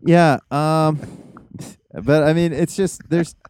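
Rambling podcast host, smooth mellow voice. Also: male voice, fairly high pitch, slow. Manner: rambling, excitable, many fillers. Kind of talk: casual chat.

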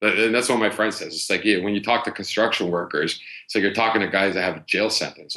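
A man in his thirties chatting as a podcast guest, swearing freely and telling stories with animated energy. His voice sits low and comes across forceful and tense. He piles on fillers and quick restarts. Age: 30s. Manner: loose, profane, animated storytelling; heavy filler words and restarts. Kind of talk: casual storytelling chat.

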